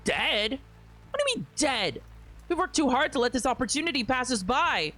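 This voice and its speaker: A man's voice: very high voice, big pitch swings, normal speed, bright, forceful tone, faint music behind, pitched above the performer's own voice, heavily acted. A streamer voicing an agitated, blunt-talking militant man who swears in a visual novel read-aloud. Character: agitated male militant plotter.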